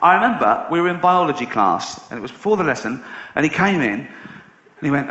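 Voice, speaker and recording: English man, stand-up comedian, profane, incredulous outbursts, higher voice, muffled live recording. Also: very animated, brisk. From England. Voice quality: profane, blunt, rising to incredulous shouts. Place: live theatre stage. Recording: echoey dull live hall recording with crowd.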